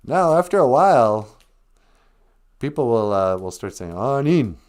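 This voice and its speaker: A man's voice: medium pitch, measured pace. A man hosting a live stream, chatting casually and telling stories with playful quoted voices. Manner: animated storytelling with laughs and put-on quotes. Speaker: host.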